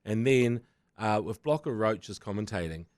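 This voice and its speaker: A New man on a podcast panel chatting casually about sport, animated and swearing, often breaking into quoted voices. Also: on the low side, normal speed, no room sound, studio quality.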